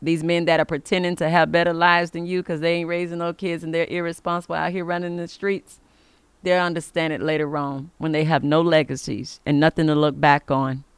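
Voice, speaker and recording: Smooth-voiced woman giving preacher-like blessings. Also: low voice, little pitch movement, brisk, no room sound. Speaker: podcast host. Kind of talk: inspirational faith podcast monologue.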